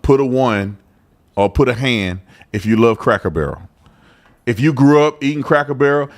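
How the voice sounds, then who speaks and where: A man hosting a live news commentary show, animated and joking, talking straight to his viewers. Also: mid-range voice.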